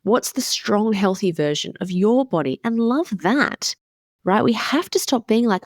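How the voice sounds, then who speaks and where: A woman's voice: medium pitch, expressive, unhurried, no echo, clean studio sound. A woman in her thirties hosting a casual motivational podcast as a wellness coach, candid and emphatic, swearing casually.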